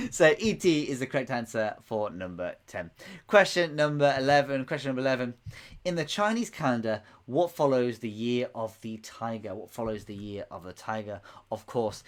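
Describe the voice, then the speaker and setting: A man's voice: medium pitch, expressive, normal speed. Giggly man hosting a quiz. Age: late 20s. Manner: jokey, giggly, rambling asides. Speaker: quiz host. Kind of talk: live-streamed quiz answers. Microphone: microphone close to the mouth.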